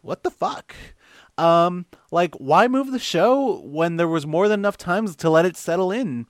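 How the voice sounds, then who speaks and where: A man doing a squeaky girlish fanboy. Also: animated, measured pace, dry recording, studio quality. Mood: whiny indignant. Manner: whiny, rambling, indignant. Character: squeaky girlish young male fan asking a question.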